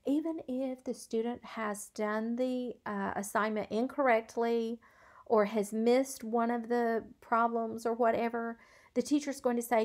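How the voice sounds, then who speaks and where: A middle-aged woman gives a recorded video lecture, her voice sitting a little on the high side. She talks earnestly and conversationally, like a teacher who has spent years in a classroom, and often fills her pauses with um and uh. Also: steady tone. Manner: earnest, conversational, frequent "um" and "uh" fillers. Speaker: college instructor, former schoolteacher.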